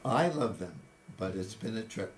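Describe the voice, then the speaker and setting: Low-voiced man in his eighties telling stories. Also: animated, moderate pace, slight background noise. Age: 80s. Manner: conversational, reflective, with frequent restarts. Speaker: interviewee. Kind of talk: casual storytelling.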